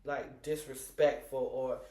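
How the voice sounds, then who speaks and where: A woman co-hosting a casual chat podcast, animated, telling stories and acting out dialogue with laughter. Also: rumbling low, slow pace, roomy sound, far from the mic, a little hiss or hum. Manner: animated storyteller who acts out dialogue with laughter. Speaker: podcast co-host.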